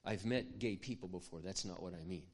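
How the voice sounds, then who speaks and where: A man preaching, telling a personal story in an earnest, confiding way that often drops to a hush. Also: low voice, brisk, a little hiss or hum. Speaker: pastor. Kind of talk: sermon storytelling.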